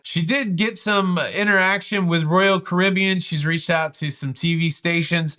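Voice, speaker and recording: Male cruise news host, slightly high voice, casual and jokey delivery. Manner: chatty, jokey, lively delivery.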